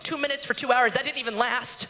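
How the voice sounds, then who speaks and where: A high, bright woman telling a comic story live on stage, animated and quick to act out other people's lines. A long hall reverb and faint noise sit behind her voice. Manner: animated, comic, acts out quotes.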